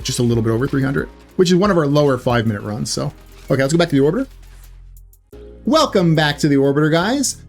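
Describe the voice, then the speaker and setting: A man giving casual gameplay commentary in a chatty way, correcting himself often with loose filler words. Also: on the high side. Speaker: gaming YouTuber.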